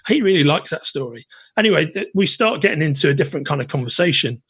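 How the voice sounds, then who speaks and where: A British man hosting a podcast, telling a long anecdote in an animated way with lots of restarts. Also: a little high, fast, slightly rough, dry recording. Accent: British English. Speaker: podcast host. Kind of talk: casual storytelling chat.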